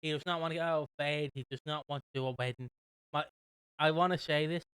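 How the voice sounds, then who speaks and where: A young British man co-hosting a podcast, casually recapping a soap with a rambling, animated manner. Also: a little high, fast, clean tone, dry recording. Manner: rambling, animated retelling with quoted voices. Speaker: podcast co-host.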